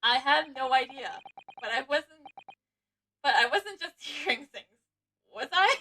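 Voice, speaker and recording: A woman's voice: high-pitched, expressive, unhurried, bright, forceful tone, a little hiss or hum, poor audio. A woman streamer giving playful, giggly commentary during a live game playthrough.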